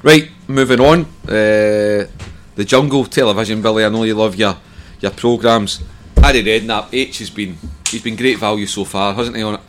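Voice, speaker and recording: A Scottish man hosts a casual podcast, teasing his guests and steering from one topic to the next. His voice is a touch low. There is a faint noise floor behind him. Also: fairly even intonation, moderate pace. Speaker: podcast host. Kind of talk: casual chat.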